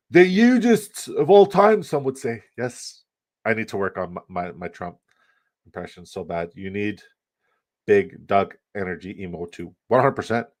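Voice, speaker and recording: Brief: lower-pitched male streamer, profane and hyped, reading and answering chat. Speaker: fantasy football streamer. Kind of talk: casual live stream chat.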